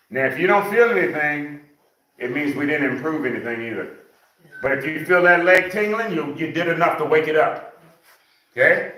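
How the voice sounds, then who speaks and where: In a senior center room, a fitness instructor with a fairly high, bright, forceful voice leads a live exercise class for seniors, counting repetitions aloud and often checking in with "okay?". He's recorded from a distance in an echoey room.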